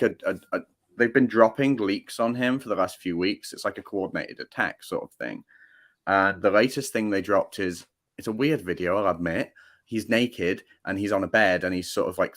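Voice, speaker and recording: A man's voice: fairly low pitch, fairly bright tone. A man with a British accent, guest-hosting a casual political talk show and building his points through rhetorical questions. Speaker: guest host.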